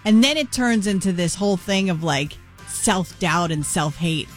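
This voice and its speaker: A woman co-hosting a radio show, telling a story with lively acted-out dialogue. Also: fairly low pitch, moderate pace, faint music behind. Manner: animated storyteller acting out both sides of a conversation. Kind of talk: casual radio chat.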